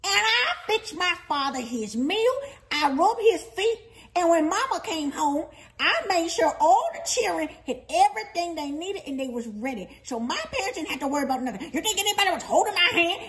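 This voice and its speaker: A woman's voice: very high-pitched, expressive, fairly quick, fairly bright tone. A woman playing a melodramatic, grudge-holding old grandmother who wails theatrically and lectures in a folksy, preachy manner. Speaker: grandmother Sweet Mama. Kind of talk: comedy sketch acting.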